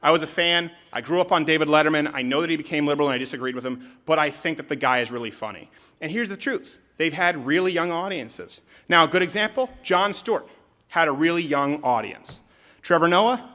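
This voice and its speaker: Man from canada, sarcastic live stand-up speech, bright edgy tone, pitch swinging all over. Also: brisk. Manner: animated, sarcastic, with sudden shouted bits. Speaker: comedian and political commentator.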